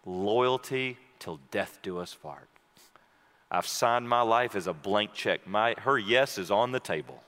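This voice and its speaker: A man preaching a sermon, moving between hushed, slow stretches and loud, high, fervent passages. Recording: long hall reverb.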